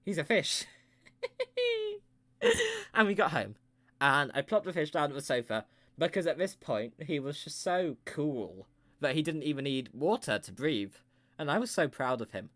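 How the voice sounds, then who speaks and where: A man's voice: medium pitch, fairly bright tone. Playful man spinning an improvised tale. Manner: rambling, playful, self-mocking asides. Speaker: improv storyteller. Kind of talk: improvised comic storytelling.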